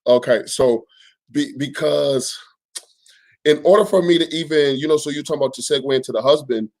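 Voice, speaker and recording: A man who is an apostle, speaking as a guest in a casual faith talk, measured and deliberate. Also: a little high. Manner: measured, deliberate, asks "you get what I'm saying?".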